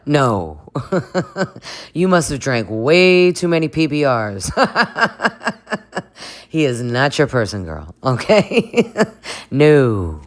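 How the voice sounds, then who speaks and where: A woman with an unusually deep voice talks her viewers through a reality show recap. Her delivery swoops and bounces with lively pitch. She laughs often, swears casually and keeps it chatty. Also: extremely slow, long pauses.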